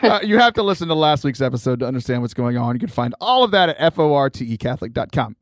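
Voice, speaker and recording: A man hosting a podcast, telling stories in an animated way and laughing often. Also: mid-range voice, fast talker, dry recording, studio quality. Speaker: podcast host. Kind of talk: casual chat.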